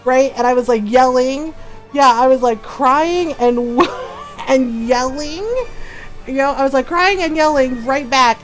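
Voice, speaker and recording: High-voiced woman telling a story. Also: a little slow. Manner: animated, laughing, lots of "right?". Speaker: gaming streamer. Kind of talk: casual storytelling chat. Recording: faint music behind.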